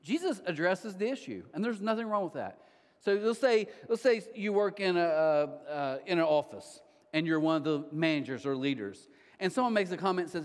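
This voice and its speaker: A man's voice: high voice, animated, fairly quick. A man, preaching a conversational sermon and acting out the voices of people he quotes. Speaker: pastor. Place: large church auditorium. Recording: long hall reverb.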